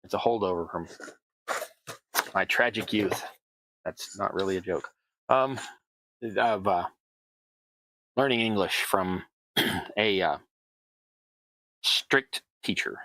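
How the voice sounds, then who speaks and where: A man's voice: deep voice, slow, pauses often, fairly bright tone, no room sound, poor audio. A middle-aged man with a Southern American accent chatting casually through a hobby crafting tutorial, rambling with self-deprecating asides. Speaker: host, terrain crafter.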